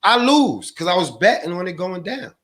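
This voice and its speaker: A man's voice: sits high, sing-song, moderate pace, fairly bright tone. A man guest on a podcast, a stock trader, talking in a slangy, profane, rambling way. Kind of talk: casual podcast chat.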